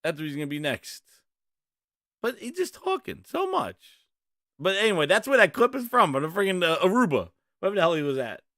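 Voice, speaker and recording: A male gaming livestream host rants loosely with plenty of swearing and laughter. His voice sits on the high side. He speaks close to a dry, deadened mic. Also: brisk, dry recording. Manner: profane, excitable, laughing a lot. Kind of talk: casual livestream chat.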